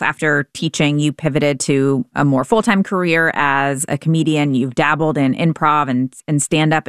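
A woman host with a notably low voice chats casually, full of fillers and easy laughter. The sound is close and dry, without any room echo. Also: clean tone. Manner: casual, many likes, laughs often. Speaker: interview host. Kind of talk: conversational interview.

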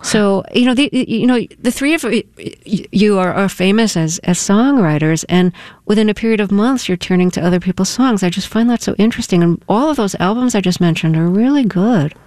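A radio interview host asks engaged, curious questions and sometimes restarts mid-sentence. The voice is smooth and clear, recorded close in a dry studio. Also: medium pitch, lively intonation, fairly quick, a little mellow, no echo. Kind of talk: radio interview and scripted introductions.

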